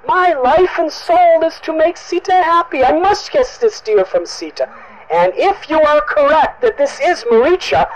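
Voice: high voice, dull audio, exaggerated voice. A storyteller voicing a noble, devoted prince who speaks solemnly and resolutely.

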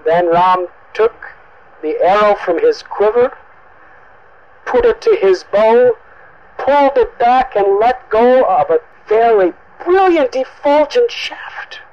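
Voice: medium pitch, animated, slow, highs cut off. A storyteller dramatically recounting an epic in a vivid, emphatic manner. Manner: vivid, emphatic, repetitive for effect.

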